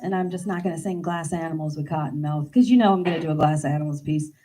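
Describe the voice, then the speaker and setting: A woman who sings, plays piano and teaches piano chats casually between songs at a live show, poking fun at herself and laughing as she speaks into a stage microphone at the piano. Her voice is low-pitched, quick and dark-toned. The audio is poor, with a little hiss or hum.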